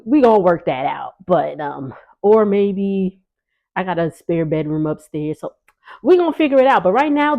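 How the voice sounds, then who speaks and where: A woman's voice: medium pitch, mellow, rough recording. A woman recapping a reality show from her kitchen sitting area in a chatty, sassy way, laughing often. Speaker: recap vlogger.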